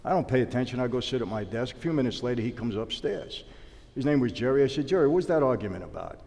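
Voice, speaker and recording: A man's voice: medium pitch, fast, in a large hall. A man telling stories in a sit-down interview, acting out the dialogue. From New York. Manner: animated storyteller acting out dialogue. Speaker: interview guest, former mobster.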